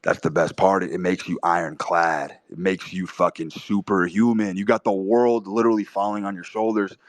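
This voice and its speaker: A man's voice: low voice, steady tone, moderate pace, no echo. A man delivering a blunt, profane, opinionated monologue, hammering his points home by repeating them. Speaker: podcast host.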